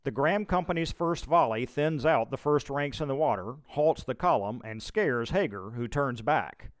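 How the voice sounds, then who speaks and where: A man narrating a scripted historical audio tour in a measured, steady reading voice. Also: medium pitch, dry recording. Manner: measured, steady reading with brief quoted shouts.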